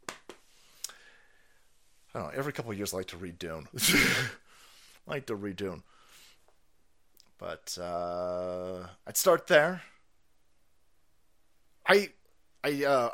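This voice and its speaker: A man hosts a loose, foul-mouthed livestream, laughing as he riffs on viewer comments. His pitch swings widely from low mutters to high yelps, and he rambles with lots of restarts. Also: fairly bright tone. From South Carolina. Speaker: livestream host reading viewer messages. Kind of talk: casual livestream chat.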